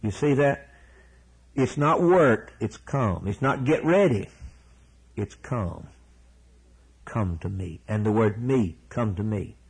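A man preaching a sermon with a husky edge to his voice. He leans hard on single words and repeats them for emphasis. His pitch sits in an ordinary middle range. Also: expressive, takes it slowly, poor audio. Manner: emphatic, repeats key words, ends in prayer.

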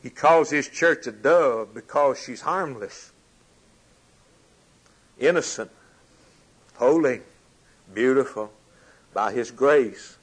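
A man delivering a sermon at an unhurried pace, his pitch sitting in the middle range. He builds phrases through repetition, rising to loud declarations before dropping to near-whispers. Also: husky. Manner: slow, rhythmic preaching with repeated lines, rising and falling from loud to hushed. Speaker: preacher.

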